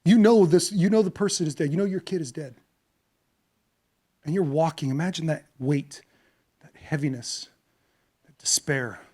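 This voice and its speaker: A male pastor preaching a sermon, telling a story dramatically, acting out voices and moving from hushed to loud. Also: a little high, moderate pace, pauses often.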